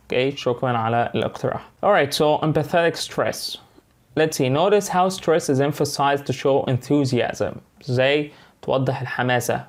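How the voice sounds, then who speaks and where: A man's voice: mid-range voice, fast talker. A man with an Egyptian accent teaching an online English lesson, switching between English and Arabic and often checking in with "okay" and "right".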